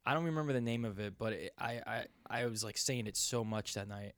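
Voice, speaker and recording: A man's voice: fairly quick, clean tone, no room sound. Rambling, swearing young man telling a story. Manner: rambling, profane, gets loud and high when riled. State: sore. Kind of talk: casual storytelling chat.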